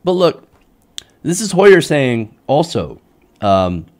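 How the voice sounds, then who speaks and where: Heated, lively man ranting. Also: medium pitch, takes it slowly. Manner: heated, sarcastic, mocks politicians in put-on voices. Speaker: political commentator. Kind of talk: ranting political commentary.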